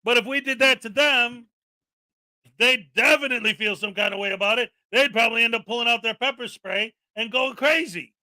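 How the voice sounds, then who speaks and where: A man's voice: very high voice, brisk, sharp tone, no room sound. A man hosting a live stream, ranting and joking about video clips with plenty of crude insults. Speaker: streamer host. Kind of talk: casual live-stream commentary.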